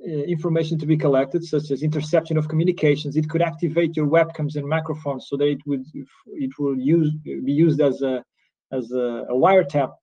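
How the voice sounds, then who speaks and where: Here the Portuguese lecturer on cybercrime law talks briskly in a slightly high, warm voice with fairly even intonation. He is earnest and explanatory at the conference, and his accent is Portuguese; audio quality is dull lo-fi.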